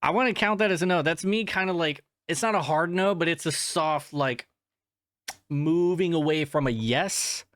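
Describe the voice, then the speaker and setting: A man's voice: on the high side, normal speed, fairly bright tone, dry recording, clean studio sound. Rambling, foul-mouthed male podcast host. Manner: rambling and profane, with frequent restarts and filler; self-deprecating, laughing at himself. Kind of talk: casual storytelling to the audience.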